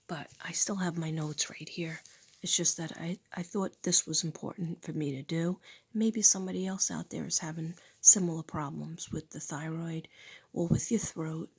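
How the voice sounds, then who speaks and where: A middle-aged woman losing her voice, half-whispering through a slow spiritual talk and repeating affirmations softly. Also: lowish voice. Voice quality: breathy, husky. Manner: soft, unhurried, repeats affirmations. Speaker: spiritual teacher and channel host.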